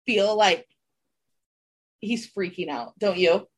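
Woman, podcast co-host, casual gossip chat, slightly breathy voice. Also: mid-range voice, slow. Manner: chatty, reads from notes with laughs.

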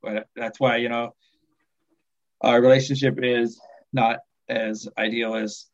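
Soft-spoken man on dull lo-fi audio. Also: mid-range voice, little pitch movement, slow pace. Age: 40s. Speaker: podcast guest. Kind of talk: casual interview chat.

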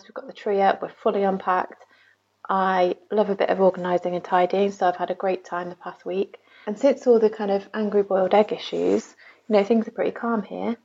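English woman leaving a chatty voicemail, raspy creaky voice, muffled lo-fi sound. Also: medium pitch, a little mellow. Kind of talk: casual voice message. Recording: dull lo-fi phone message.

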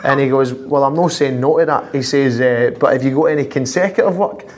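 A man with a Scottish accent, a footballer guest telling prank-call stories with lively laughter and constant "I says". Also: medium pitch, brisk. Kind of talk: anecdotal storytelling.

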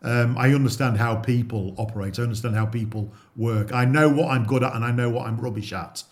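A man's voice: medium pitch, steady tone, a little fast. Field: plain-spoken middle-aged man telling his story. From England. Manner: plain-spoken, repeats words and restarts often. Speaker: interview guest. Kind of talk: storytelling in a sit-down interview.

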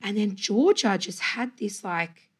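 A woman's voice: mid-range voice, measured pace, husky. A woman hosting a podcast, a mother chatting casually and acting out what her kids said. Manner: animated storyteller, acts out quotes. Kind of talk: casual chat.

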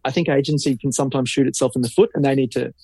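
A man's voice: mid-range voice, fairly even intonation, racing, dark tone, breathy edge, no echo. A man, co-hosting a podcast as a marketing creative in casual chat, blunt and opinionated and swearing freely.

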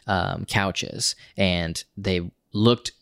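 A man's voice: sits low, fairly even intonation, very slow, vocal fry, a bit bright, no room sound, clean studio sound. A young man co-hosting a podcast, chatting loosely with lots of fillers. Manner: loose and rambling, many fillers. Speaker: podcast co-host. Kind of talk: casual chat.

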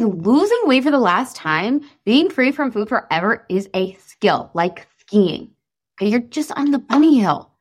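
A woman in her thirties coaching listeners in a casual, chatty talk, animated and full of fillers. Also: on the high side. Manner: breaks into voices for quotes. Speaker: weight-loss coach.

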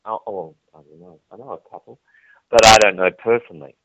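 This man's fairly low voice moves fairly quickly over a dry, tinny, phone-like line with slight background noise. He's a TV presenter being interviewed, telling chatty, candid stories and acting out the dialogue with lively flair.

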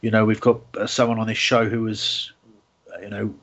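A man's voice: on the low side, flat delivery, brisk, a bit bright. A man hosting a casual football fan radio show, rambling with lots of fillers and restarts. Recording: dull lo-fi sound.

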